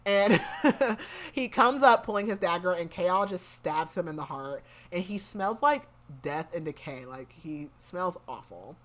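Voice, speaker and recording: Woman podcast host, kinda low voice, rambly, says like every other word. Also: animated, a little slow, fairly bright tone. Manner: rambling, fills speech with "like". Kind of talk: casual book recap.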